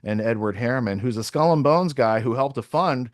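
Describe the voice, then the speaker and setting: A man hosting a podcast at an everyday mid pitch, talking loosely and thinking aloud as he clicks through sources. His voice is dry and close to the mic, with no room sound around it. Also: a little fast, dry recording. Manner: rambling, thinking aloud while browsing sources. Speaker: podcast host. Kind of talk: casual podcast talk.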